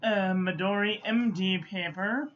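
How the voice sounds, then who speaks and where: A woman's voice: mid-range voice, slow pace. A woman giving a casual stationery review, muttering to herself and playfully scolding as she goes. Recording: dull lo-fi audio with faint background noise.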